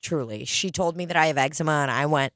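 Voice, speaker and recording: A woman comic spinning a story in a loose, chatty way, swearing freely and leaning on "like" every few words. Her voice sits on the low side and the recording is dry and close, with no room around it. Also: fast talker, a bit bright, no room sound. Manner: chatty, profane, peppered with "like".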